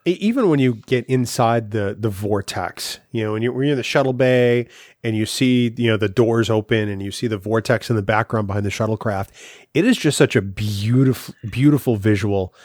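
A man's voice: lowish voice, fairly quick, a little mellow, no echo, clean studio sound. A man co-hosting a podcast, talking through an episode's writing in a thoughtful, analytical way. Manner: thoughtful, analytical, with some restarts. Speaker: podcast co-host. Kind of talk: casual chat.

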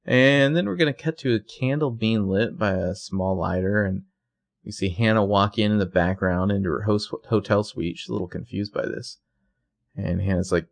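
A man's voice: on the low side, normal speed, vocal fry. A man co-hosting a podcast, recapping a show in casual chat, swearing freely and laughing often. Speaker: podcast co-host.

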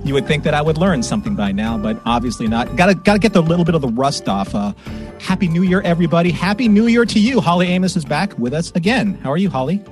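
Animated man hosting a live podcast. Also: on the high side, fast, music in the background. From Southern California. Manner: animated storyteller, puts on voices in anecdotes. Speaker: podcast host. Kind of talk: casual live-stream chat. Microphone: home desk microphone.

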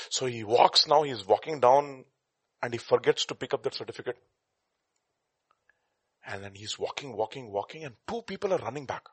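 A man preaching an animated sermon, acting out scenes and shifting between loud outbursts and quiet asides. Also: medium pitch, moderate pace, pauses often, slightly rough, no room sound. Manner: dramatic, acts out scenes with shouted voices.

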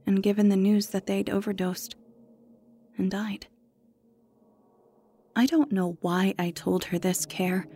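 A woman reading a first-person story aloud in a measured narration, dropping to a hush at tense moments. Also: medium pitch. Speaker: audiobook narrator.

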